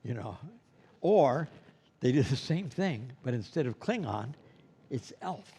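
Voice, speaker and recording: A man's voice: mid-range voice, very animated, unhurried, gravelly, dark tone, slightly rough. Rambling, chatty male Santa-school instructor. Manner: rambling and conversational, with many "you know"s. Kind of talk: teaching a class. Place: classroom with students present.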